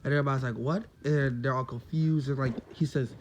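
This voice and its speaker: A man's voice: mid-range voice, steady tone, fast, a little mellow, a little hiss or hum, rough recording. A man casually retelling a made-up story, rambling with lots of fillers and self-corrections.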